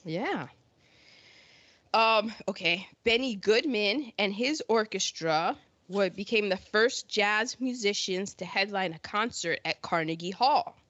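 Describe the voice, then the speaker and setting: A woman's voice: medium pitch, slow pace, fairly bright tone, dry recording, highs cut off. A woman co-hosting a podcast, chatting casually and laughing often as she trails into asides. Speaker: podcast co-host. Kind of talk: casual chat about old films.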